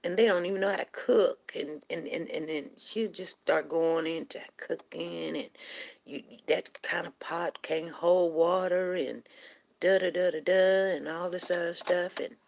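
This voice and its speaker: A woman's voice: fairly low pitch, little pitch movement, a little slow, vocal fry. A woman hosting a show, telling rambling folksy stories. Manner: rambling, folksy, with many restarts. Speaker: show host. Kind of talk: casual storytelling monologue.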